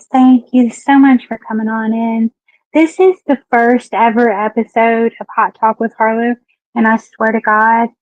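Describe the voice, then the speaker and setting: A woman's voice: a little high, no echo. Southern woman livestream host, frank, chatty, muffled dry home audio. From Southeastern Kentucky. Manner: chatty, frank, greets viewers by name. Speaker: livestream talk show host. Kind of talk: casual live-stream chat.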